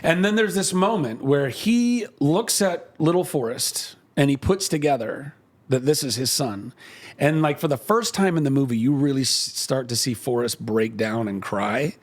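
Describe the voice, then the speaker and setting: A man in his forties telling a personal story in casual chat, emotional and animated, with many fillers and restarts. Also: mid-range voice, normal speed.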